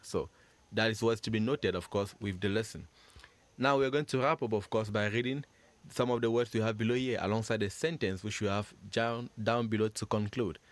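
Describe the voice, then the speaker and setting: A man's voice: fairly even intonation, a little fast, dry recording. A man teaching French pronunciation, patiently drilling sounds for the listener to repeat and praising each try. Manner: patient, drills sounds, stresses syllables higher and louder. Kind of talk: slow repeat-after-me lesson.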